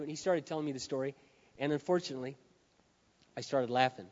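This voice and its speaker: A male pastor delivering a sermon to a live audience in a large hall. He drops to hushed lines, then builds to shouts. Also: mid-range voice, fast, long pauses. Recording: dull, reverberant hall sound.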